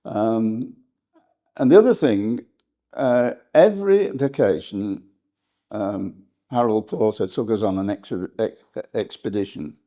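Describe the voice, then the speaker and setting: An older English historian reminiscing in an interview, rambling and hesitant, with frequent laughs. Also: male voice, on the low side, takes it slowly, warm tone. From England. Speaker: historian guest.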